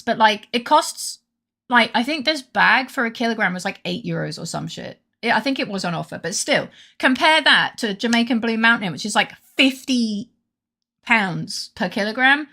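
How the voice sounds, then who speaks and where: A woman's voice: medium pitch, expressive, normal speed, sharp tone. A woman streamer chatting casually during a game stream, rambling, swearing freely and going on rants. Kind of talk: casual gaming stream chat.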